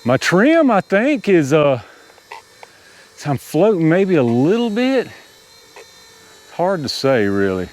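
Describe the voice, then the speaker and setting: A man's voice: on the high side, big pitch swings, slow, pauses often. A man gives casual running commentary outdoors while flying a model helicopter, talking to viewers and laughing at his own panicky moments. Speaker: RC hobby video host. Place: outdoors, small open area.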